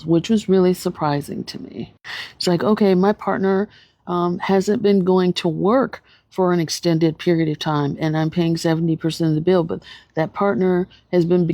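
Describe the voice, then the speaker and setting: A woman therapist shares casual thoughts on a show in a video commentary, sounding thoughtful and hesitant with many ums and restarts. Her voice is fairly low, mellow and free of echo.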